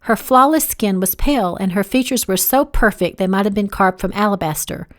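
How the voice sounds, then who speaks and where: A woman's voice: medium pitch, a little fast. Woman narrating her own romance novel. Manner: steady reading, voicing each character. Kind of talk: audiobook narration.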